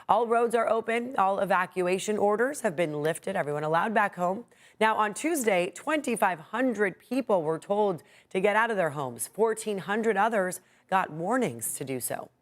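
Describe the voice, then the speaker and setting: A female news anchor with an American accent, reading morning stories in a brisk, upbeat way. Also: mid-range voice, lively intonation. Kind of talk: news reading and light chat.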